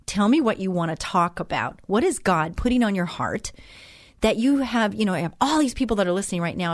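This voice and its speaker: A woman's voice: fairly low pitch, dry recording. A woman hosting a faith talk show, speaking in an earnest, heartfelt and openly emotional way in an inspirational monologue from a studio.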